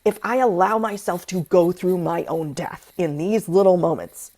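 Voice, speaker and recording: A woman with a low, gravelly voice hosts a casual spiritual chat. She talks with passion, swears freely and acts out her inner voices. Her tone is mellow and dark. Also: normal speed. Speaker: podcast host.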